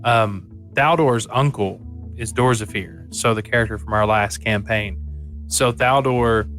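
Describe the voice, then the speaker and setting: A man's voice: fairly low pitch, measured pace, a bit bright, soft background music. A man from Georgia with a Southern American accent, a player explaining his character in a matter-of-fact way. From Georgia, United States. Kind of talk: casual chat between game sessions.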